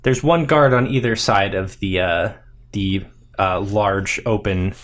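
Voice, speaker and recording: A man narrating as game master, with many pauses and hesitations. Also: fairly low pitch, a bit bright.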